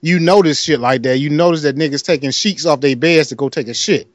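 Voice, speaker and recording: This podcast co-host has a Detroit accent and a noticeably high voice, and he moves briskly through a rambling story in a casual chat. He acts out the other characters and laughs a lot, all captured in a dry, close recording with no room sound.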